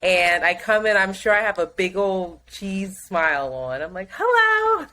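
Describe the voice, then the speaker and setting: A woman co-hosting a podcast, telling a story in casual chat, animated and laughing often. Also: lowish voice, moderate pace, poor audio. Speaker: podcast co-host.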